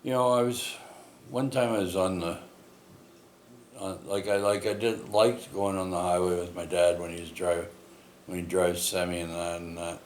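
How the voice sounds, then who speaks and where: A man's voice: low voice, steady tone, normal speed. A man telling a long personal story in a rambling way, full of fillers and tag questions. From Canada. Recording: echoey room, faint ambient noise.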